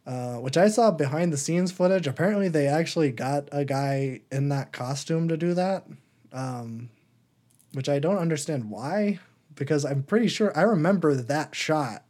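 A young man co-hosting a podcast, chatting casually about old movies with lots of fillers and jumping into a high voice for silly quotes. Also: expressive, normal speed, a little mellow. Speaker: podcast co-host. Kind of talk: casual movie review chat.

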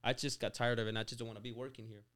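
A man's voice: medium pitch, level tone, very fast, a bit bright. A man in his twenties from Mexico, a podcast guest telling his story in a casual chat, full of "like" and "you know" and restarted words. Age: 20s. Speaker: podcast guest, auto shop owner.

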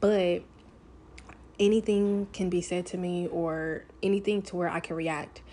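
A woman's voice: on the low side, little pitch movement, measured pace, dark tone, a little hiss or hum. A woman talking casually and openly to camera, rambling with lots of fillers as she shares a personal story. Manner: rambling, many "like" fillers, open and confessional. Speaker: vlogger.

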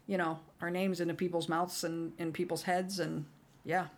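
A woman's voice: lowish voice, little pitch movement, normal speed. A woman co-hosting a podcast, chatting casually and making blunt, practical remarks. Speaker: podcast co-host. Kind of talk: casual chat.

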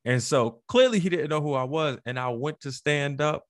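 A man on a podcast telling a story in a lively way, acting out the voices of the people in it. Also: on the high side, normal speed, dry recording, studio quality. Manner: animated storyteller, acts out quoted voices. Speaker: podcast co-host. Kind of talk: casual storytelling chat.

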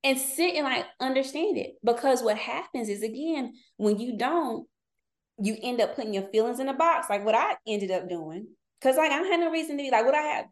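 A woman in her forties, a podcast guest, telling personal stories candidly in casual chat and laughing often. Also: a little high. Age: 40s. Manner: candid storytelling, laughs often, slips into quoted voices.

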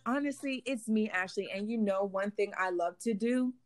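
A woman hosting a podcast in casual chat, telling lively stories and laughing often. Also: mid-range voice, moderate pace, no room sound. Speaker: podcast host.

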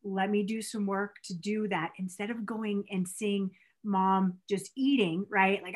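A woman's voice: mid-range voice, steady tone, measured pace, hardly any pauses. An encouraging woman host draws out her guests and affirms their stories. Her talk is supportive and upbeat. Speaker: host, coach. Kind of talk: podcast interview.

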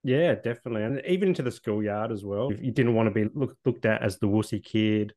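An Australian man in his thirties with a lowish voice, talking openly about his own life as an interview guest. He speaks earnestly and a little loosely, often restarting his sentences and saying "like". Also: fast, a little mellow. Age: 30s. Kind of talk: candid personal storytelling.

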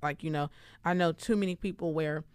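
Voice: medium pitch, fairly even intonation, fairly quick, clean tone, dry recording. A podcast co-host in casual chat who talks loosely and animatedly, using lots of slang and filler words.

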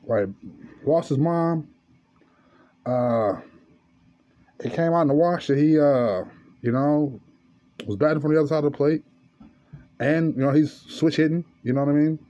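Podcast host, male, raspy-free but dark tone, swears freely, slightly high voice, muffled recording. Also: measured pace, long pauses. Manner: profane, storytelling, rising to angry rant. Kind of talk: casual monologue.

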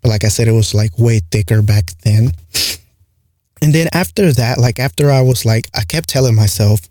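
A man with a light accent talks through a casual solo podcast, his voice mellow and dark. He rambles and leans on fillers, recorded close and dry in a small home room with no echo. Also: mid-range voice, moderate pace. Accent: light non-native English accent. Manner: rambling, frequent "like" and "right?" fillers. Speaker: podcast host. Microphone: close studio mic with compressor.

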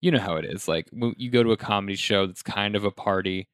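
A male podcast host talks in a relaxed, reflective way, peppering his speech with "like." His voice sits on the low side and the recording is dry and close, with no room sound. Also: quick pace, clean tone, no echo. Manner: relaxed, reflective, many "like" fillers. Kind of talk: casual chat.

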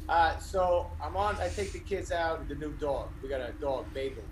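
A man's voice: a little high, normal speed, noisy background. A man telling a rambling comic anecdote as a guest, acting out what people said. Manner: rambling storyteller who acts out quotes. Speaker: interview guest.

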